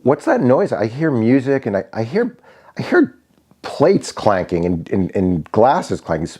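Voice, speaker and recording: A man's voice: medium pitch, big pitch swings, measured pace, mellow, breathy edge, voice pushed up. A man voicing an irritated woman boss on the phone, questioning him in an exasperated tone. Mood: suspicious.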